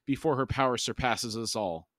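A man's voice: mid-range voice, moderate pace, a bit bright, lightly acted. A man reading as a bitter, hateful old warrior. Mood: hostile. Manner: snapping, hostile.

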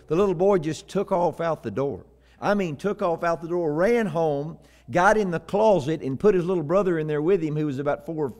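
A man's voice: a little high, a little mellow. A middle-aged man from Texas preaching a sermon, telling folksy joke stories and reading scripture with emphasis. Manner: folksy storytelling, rising to emphatic Bible reading.

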